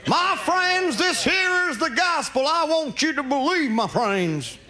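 A man doing an impression of a fervent male television evangelist, with a drawn-out, rising preaching cadence. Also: very high-pitched, expressive, pushed and bright, voice pushed up, full character voice.

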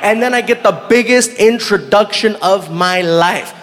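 A man doing stand-up, telling a story in an animated, laughing way and acting out voices. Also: sits high, moderate pace, very noisy. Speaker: stand-up comedian. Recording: echoey hall reverb.

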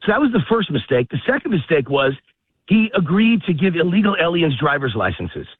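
A man's voice: on the high side, big pitch swings, breathy edge, no room sound. A man guesting on a political talk radio show, ranting heatedly and out of breath as he walks his dog in a park, calling in by phone. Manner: fast, heated ranting with rising emphasis. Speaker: guest commentator. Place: outdoors in a park, walking. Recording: phone-line call, dry.

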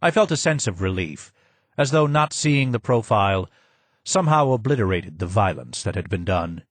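A man reading scripted audiobook narration in a measured, even way. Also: on the low side, dry recording.

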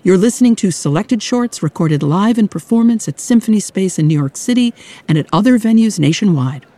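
A woman radio host giving scripted narration in a calm, reflective way. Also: mid-range voice, brisk.

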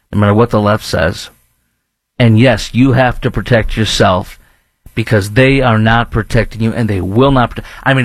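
A man's voice: on the low side, creaky, no room sound. A man hosting a talk radio show, speaking in an emphatic, rambling monologue with restarts, now and then mocking others in put-on voices.

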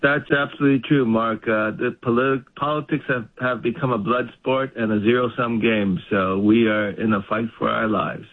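A man's voice: mid-range voice, fairly even intonation, moderate pace, hardly any pauses. A man speaking as a panel guest, blunt and combative. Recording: tinny phone-like line.

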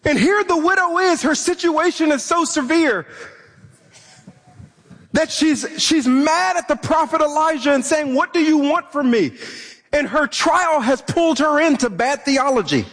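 High-voiced impassioned male preacher. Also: animated, unhurried, a bit bright. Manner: impassioned, acts out voices of the troubled widow; repeats words and stumbles when emphatic. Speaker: pastor. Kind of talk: sermon.

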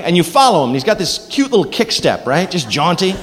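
A man's voice: fairly high pitch, brisk. A man performing a stand-up comedy set on a club stage, talking into a handheld mic. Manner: animated, loud voices for quoted people. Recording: live club, hall reverb, crowd noise.

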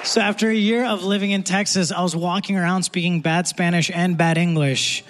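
A young male comedian works a theater crowd in a live stand-up set. His voice sits high for a man, and his delivery is quick and conversational, built around punchlines. The audience and a faint hum of the room sit beneath him. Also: fairly even intonation, in a large hall.

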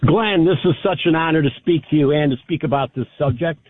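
A man's voice: fairly high pitch, quick pace, no echo. A middle-aged man calling in to a radio show, speaking in a heartfelt, grateful way. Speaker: caller. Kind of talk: call-in talk radio. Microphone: telephone. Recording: tinny phone line.

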